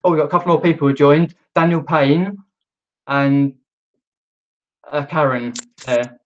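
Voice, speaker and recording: A man hosts a casual live stream, trailing off and restarting as he reads out viewer comments. His voice sits a little high, and it comes through dull, lo-fi stream audio. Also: fairly even intonation, unhurried. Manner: hesitant, many ums and restarts, reads viewer comments aloud.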